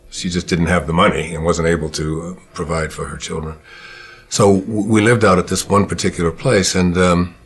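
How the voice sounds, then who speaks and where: A man from Michigan recalls his early years in a calm, reflective manner. His voice sits low and carries a husky edge, and he takes his time, often pausing before he finds the right words. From Michigan, USA. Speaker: speaker recalling his childhood. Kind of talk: personal storytelling.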